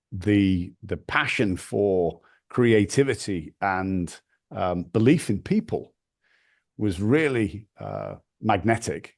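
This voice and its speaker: A man from the north of England with a northern English accent, a podcast guest telling lively anecdotes and swearing casually. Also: lowish voice, slow. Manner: animated anecdotes, acts out quoted voices, swears casually. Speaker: podcast guest, brand founder. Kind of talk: storytelling interview.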